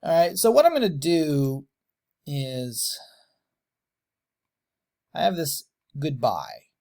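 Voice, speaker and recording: Slow man exaggerating mouth shapes. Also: on the high side, big pitch swings, creaky, a little mellow. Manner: slow, exaggerated enunciation of letters and words. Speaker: animation tutor. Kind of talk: tutorial, demonstrating mouth shapes on camera.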